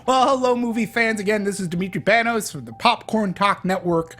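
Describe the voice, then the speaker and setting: A man hosting a casual movie review podcast, chatty and halting, with frequent restarts. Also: sits high, fairly bright tone, soft background music. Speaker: podcast host.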